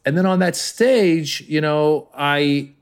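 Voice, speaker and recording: A man's voice: fairly high pitch, takes it slowly, clean tone. A man in his fifties from Iran, a comedian guest on a podcast, telling stories animatedly and slipping into voices. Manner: animated storyteller, jumps into voices. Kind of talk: podcast interview.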